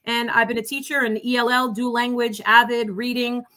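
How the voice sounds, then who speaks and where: Her voice sits on the high side, pushed and bright, with a level tone and moderate pace. The woman, a New Yorker in her fifties, guests on a video-call livestream, joking exuberantly and making rhyming asides.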